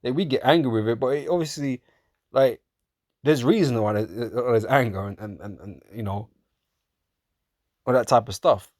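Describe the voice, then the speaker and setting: A man preaching in a casual, profane way, often laughing, calling listeners man and bro, and reading scripture slowly in old-fashioned wording. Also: mid-range voice, a little mellow, no echo, clean studio sound. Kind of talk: street-style sermon, reading scripture.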